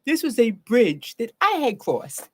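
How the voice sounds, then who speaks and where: A woman therapist talks live to her viewers, her fairly high voice rising and falling with a lot of movement. She acts out her own reactions as she goes, speaking with plenty of feeling. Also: big pitch swings, moderate pace, a little mellow. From Baltimore, Maryland. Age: adult with a grown daughter.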